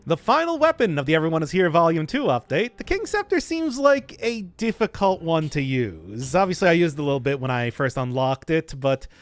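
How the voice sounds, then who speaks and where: Casual gameplay commentary comes from a man whose fairly high voice swings widely in pitch as he talks fairly quickly, with hardly any pauses. Streaming a game, he jokes around, rambles, and interrupts himself while answering chat.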